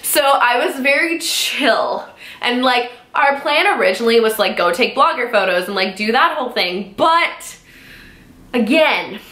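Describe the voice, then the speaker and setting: A young woman vlogger chats through a storytime in a bright, fairly high voice. She fills her sentences with "like". The room around her is echoey. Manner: chatty, heavy on "like" fillers. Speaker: beauty vlogger. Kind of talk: casual storytime vlog.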